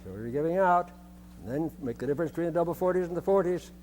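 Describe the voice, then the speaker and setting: A man's voice: on the high side, fast, darkish tone, a little hiss or hum. An older man conducting a band rehearsal, giving instructions and singing rhythms on short syllables, often repeating his phrases.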